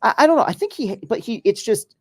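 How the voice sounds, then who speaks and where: With a very high-pitched, animated voice and a quick pace, a podcast host chats over a live baseball game. His talk is loose and full of profane, rambling tangents.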